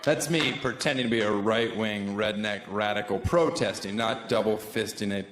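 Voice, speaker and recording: Performing stand-up into a handheld mic, this man has a lowish voice and a moderate pace, his humor sarcastic, punchy and playful. The live room is roomy, the audience loud, and the background noisy.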